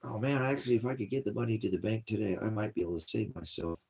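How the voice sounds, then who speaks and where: Talking at a quick pace, a man with a lowish, dark, gravelly and husky voice keeps a steady tone. He hosts an online ministry and wearily rambles about his troubles in a casual vlog, sighing and drifting between topics.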